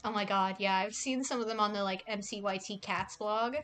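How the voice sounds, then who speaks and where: A woman's voice: mid-range voice, fairly even intonation, brisk, fairly bright tone, faint music behind. A young woman streaming casually, rambling and cooing affectionately at cats in a game. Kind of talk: casual livestream chat.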